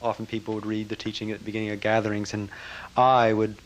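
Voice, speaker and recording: An older man telling a personal story to a gathering in a reflective, halting way, breaking into lively quotes. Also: on the low side, dull audio. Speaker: speaker recounting a spiritual teacher.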